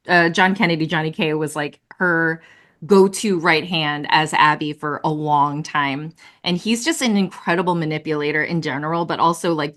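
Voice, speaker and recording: A woman puppeteer, a guest on a video-call interview, telling lively stories with lots of laughter and fillers. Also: lowish voice. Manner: animated, laughing, many fillers. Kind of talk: casual interview storytelling.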